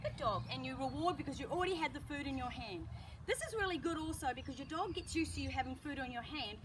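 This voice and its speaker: High-voiced woman dog trainer outdoors. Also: fast talker. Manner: calm explaining, bursts of high praise to the dog. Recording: distant mic with loud outdoor noise.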